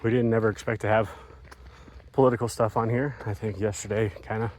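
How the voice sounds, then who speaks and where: A man co-hosting a vlog talks slowly and hesitantly in a casual chat, pausing on fillers. His voice sits a little low. A faint outdoor hum is audible behind him. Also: level tone, darkish tone. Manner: measured, hesitant, filler-heavy. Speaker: vlog co-host.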